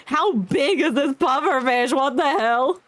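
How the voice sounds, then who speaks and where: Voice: high-pitched, measured pace, a bit bright, no echo. Jokey streamer reading game text. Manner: jokey, reads dialogue aloud, laughs often. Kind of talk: casual gameplay commentary.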